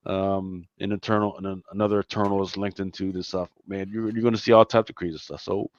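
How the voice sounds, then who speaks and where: Deep-voiced and fairly quick, this Philly man keeps a level tone while co-hosting a podcast. The recording is dull and dry; he chats casually but emphatically, repeating words and tossing in "man" and "right?".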